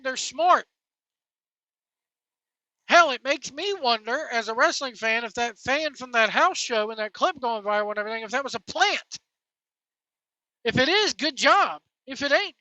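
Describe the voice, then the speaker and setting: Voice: high voice, sharp tone, no echo, lo-fi sound. A wrestling commentary host delivering a blunt, scornful opinionated rant full of name-calling.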